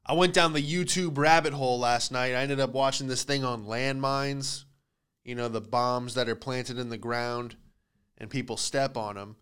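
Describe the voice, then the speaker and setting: Smooth-voiced man telling comic stories. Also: mid-range voice, moderate pace. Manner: animated storytelling with put-on voices for quoted people. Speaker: comedian podcast host. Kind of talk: casual comedic monologue.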